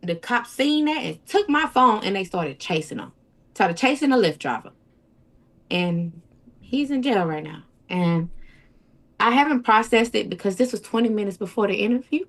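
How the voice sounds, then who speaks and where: Telling an emotional account of something painful from her life, this female interview guest rambles, repeats herself, and performs the quoted lines. She speaks at a moderate pace in a medium-pitched, expressive, slightly bright voice.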